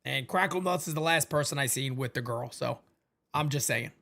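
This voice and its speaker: A man hosting a live-stream watch party, calling the baseball game and chatting with viewers in a casual, excitable way. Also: normal speed, creaky. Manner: animated, jumps into high excited calls then drops low and quiet.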